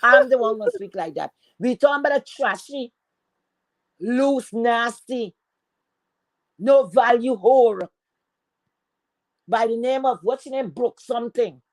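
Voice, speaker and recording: A woman's voice: on the high side, unhurried, pauses often, no room sound. A woman from Trinidad, ranting profanely and emphatically as a guest on a casual live chat. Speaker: livestream guest.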